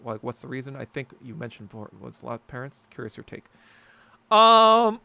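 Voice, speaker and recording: A man's voice: mid-range voice, big pitch swings, brisk, gravelly, sharp tone, no echo. A man hosting a casual podcast chat, rambling and sarcastic, swearing often as he reads and answers viewer comments. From New York. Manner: rambling, profane, sarcastic ranting. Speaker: podcast host.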